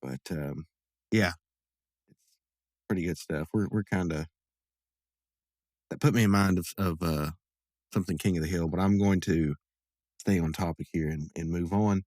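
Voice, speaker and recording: A man's voice: deep voice, unhurried, long pauses, darkish tone, no echo, studio quality. A man casually recapping an episode as a podcast host, rambling with lots of fillers and asides.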